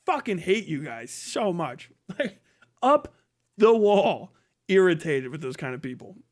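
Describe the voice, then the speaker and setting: High-voiced man in a profane rant. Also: sing-song, measured pace. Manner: profane, heated, ranting. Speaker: livestream host. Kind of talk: livestream rant.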